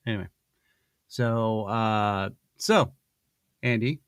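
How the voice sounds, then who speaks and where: A man's voice: fairly high pitch, lively intonation, moderate pace, bright, forceful tone, no room sound. A male podcast host reading a sponsor spot in casual chat, rambling and playful with many restarts. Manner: rambling, self-interrupting, playful.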